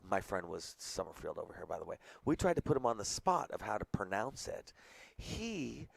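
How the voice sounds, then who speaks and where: A man calls a pool match as color commentator, talking in a fairly low, gravelly voice. He chats and jokes with his partner, then lowers his voice to a near whisper while a player lines up a shot. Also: sing-song, normal speed, dry recording. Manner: chatty, joking, drops to a hush during shots.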